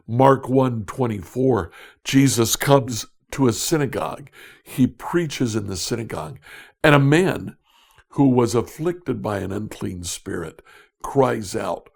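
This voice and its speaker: Slow, gravelly man teaching scripture. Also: on the low side, lively intonation, darkish tone. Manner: deliberate, repeats questions for emphasis. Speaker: Bible study teacher.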